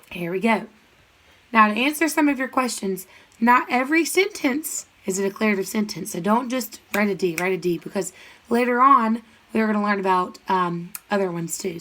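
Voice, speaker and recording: A woman teaching a grammar lesson, chanting sentence parts in quick questions and answers and speaking to students directly. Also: medium pitch, fairly bright tone, slight background noise, low-quality recording. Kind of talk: recorded classroom lesson.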